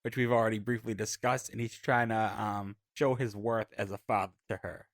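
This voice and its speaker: A male podcast co-host chimes in with wry interjections during a casual chat. His medium-pitched voice is fairly even in intonation and moderately paced, recorded dry with no echo.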